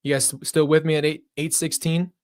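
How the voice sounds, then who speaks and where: A man's voice: on the high side, flat delivery, brisk, dry recording, studio quality. A man hosting a live reaction stream, talking earnestly and reflectively to his viewers and chat, often wandering off on personal tangents. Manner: talks straight to viewers and chat. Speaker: reaction channel host.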